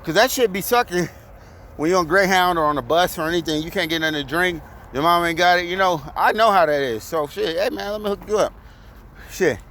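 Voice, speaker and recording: A man telling a profane, animated story in a casual rant, recorded outdoors. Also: fairly high pitch, brisk, a little hiss or hum. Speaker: vlogger.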